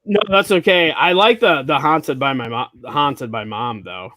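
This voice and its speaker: A man's voice: medium pitch, unhurried, sharp tone, no room sound. A man hosting a comedy podcast, riffing on jokes in casual chat and laughing often.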